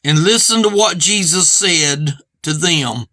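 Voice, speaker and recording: A man's voice: fairly high pitch, slow, bright, forceful tone, no room sound. A man preaching an earnest sermon in plain everyday speech, repeating his points and stressing them with "see".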